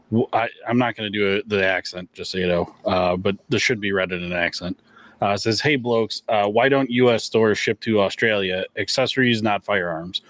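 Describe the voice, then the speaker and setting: A man with a fairly low-pitched voice hosts a gun shop livestream. He reads viewer questions in a laid-back, chuckling way, using lots of fillers.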